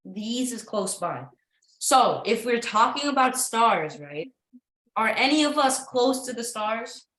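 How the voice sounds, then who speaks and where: A woman's voice: a little high, sing-song, slow, fairly bright tone, reverberant, rough recording. A woman teaching an English lesson to a class, patient and encouraging, with frequent ums and uhs as she explains.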